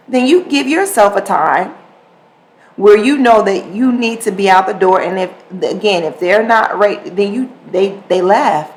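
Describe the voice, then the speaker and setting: Unhurried and medium-pitched, a podcast host animatedly recounts a household story in casual speech, repeating herself and playing both parts of a quoted exchange. The audio quality is poor.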